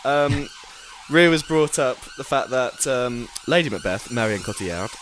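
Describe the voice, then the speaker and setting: A man's voice: medium pitch, lively intonation, measured pace, fairly bright tone, slight background noise. A man from England co-hosting a casual podcast chat, joking and rambling as he talks. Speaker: podcast co-host.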